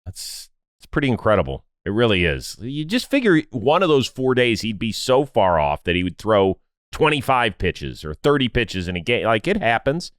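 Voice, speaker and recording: A man guesting on a podcast, talking casually and acting out what others said in lowered voices. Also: normal speed, clean tone, no room sound, clean studio sound. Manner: animated storyteller, acts out quotes in lowered voices. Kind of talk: casual conversation.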